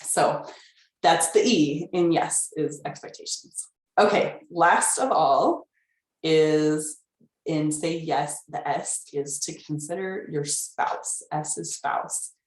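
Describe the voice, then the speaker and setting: A middle-aged woman coaching couples, her voice sitting low. She tells personal stories candidly, with ums and asides. The room around her gives a noticeable echo. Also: takes it slowly. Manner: candid storytelling with fillers. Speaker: family life coach. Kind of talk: relationship workshop talk.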